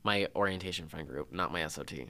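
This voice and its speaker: Deep-voiced young man, teasing chat. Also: fast, bright, forceful tone, slight background noise. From Minnesota. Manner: teasing, joking. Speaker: podcast co-host. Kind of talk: casual chat.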